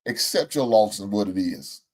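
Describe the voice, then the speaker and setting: A man hosting a casual sports talk show, using Southern American slang and talking in an animated, exclamatory way with frequent laughs. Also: fairly low pitch, moderate pace. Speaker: host.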